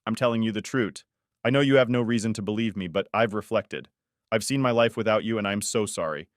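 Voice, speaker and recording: A man's voice: fairly low pitch, fairly quick, no echo, studio quality, natural voice. A man reading the lines of a remorseful wife who begs for forgiveness, pleading and apologetic.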